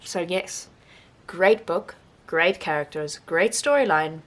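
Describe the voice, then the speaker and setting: A young woman who vlogs about books gives a casual, rambling wrap-up of her monthly reading. She speaks slowly in a lowish voice, animated and laughing often.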